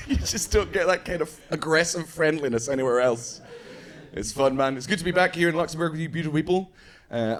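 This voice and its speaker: Lively Scottish man doing stand-up. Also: a little high, background noise. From Scotland. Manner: animated storytelling, acts out characters. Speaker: stand-up comedian. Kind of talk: stand-up comedy set. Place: comedy club stage before a live audience. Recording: live club crowd laughing. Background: audience laughter.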